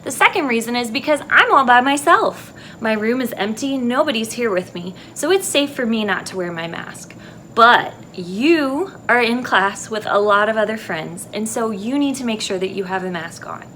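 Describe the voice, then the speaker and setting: Woman teacher talking slowly to young kids. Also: a little high, expressive, pushed and bright, slight background noise. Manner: slow, clear teacher talk to young kids. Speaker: elementary music teacher. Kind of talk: video lesson for children. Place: empty classroom.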